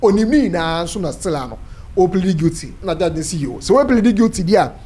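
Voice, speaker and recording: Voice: medium pitch, fairly quick, slightly rough. A Ghanaian presenter retelling a court story, mixing Twi with English legal terms. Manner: animated, switching between Twi and English. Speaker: news presenter.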